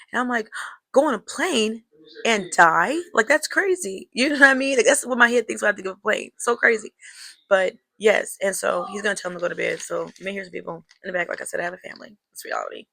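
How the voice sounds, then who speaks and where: A young woman tells a story straight to her viewers, chatty and reflective, calling them girl and y'all. Her voice is bright with a gravelly, fry-laden edge. The sound is close and dry. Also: medium pitch, no echo. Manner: reflective, draws life lessons. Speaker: vlogger telling a personal story. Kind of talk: casual storytelling to camera.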